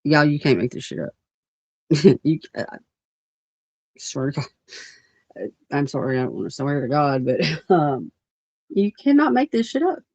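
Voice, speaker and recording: A woman's voice: low-pitched, big pitch swings, unhurried, pauses often, warm tone, no echo. A woman rants on a livestream in a blunt, profane and rambling way, with many fillers. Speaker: livestream host. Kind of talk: livestream rant. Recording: dull lo-fi stream audio.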